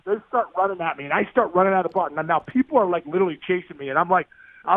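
A former pro baseball player, interviewed on a podcast by phone, tells animated stories in a fast, gravelly, high-pitched voice. He gets excited and acts out the voices of the people in his tales, all over a tinny, dry phone line.

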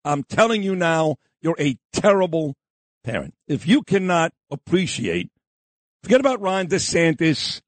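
A man hosting a talk radio show, delivering a combative, opinionated monologue and shouting down those he disagrees with. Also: fairly high pitch, big pitch swings, a little slow, no echo. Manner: combative, insulting, repeats himself, shouts down opponents.

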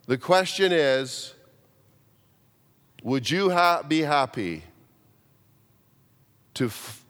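A man's voice: mid-range voice, a bit bright. A man, a pastor telling a story in a sermon, repeating words, stopping to restart, and acting out the voices he quotes. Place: church sanctuary. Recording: long reverb of a church hall.

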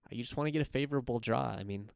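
Young male podcast host, rambling and chuckly; smooth, dry, close-miked. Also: mid-range voice, very fast, no echo. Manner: rambling, chuckling, self-correcting. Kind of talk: casual sports podcast talk.

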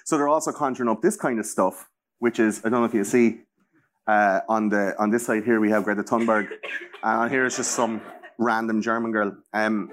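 An Irish man in his thirties hosting a casual chat. He rambles on with plenty of swearing and easy profanity. He stays loose and animated throughout. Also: on the low side, a little fast, slight background noise.

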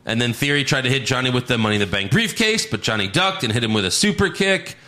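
Male podcast host, bright tone, swings his pitch a lot, jokey recap delivery. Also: quick pace. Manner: animated, jokey, swears, laughs often. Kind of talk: casual chat.

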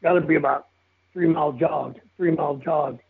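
Gravelly older man on a tinny phone line. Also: fairly high pitch, fairly even intonation, moderate pace. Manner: blunt, profane, chuckling often. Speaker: guest telling stories of his football days. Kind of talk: casual storytelling interview.

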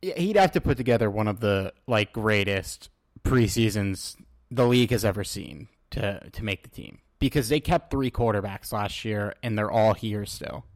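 Sports podcast host with a dry sound. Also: male voice, fairly low pitch, normal speed, dry recording. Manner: relaxed, reads tweets aloud to his co-host. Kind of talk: casual sports podcast chat.

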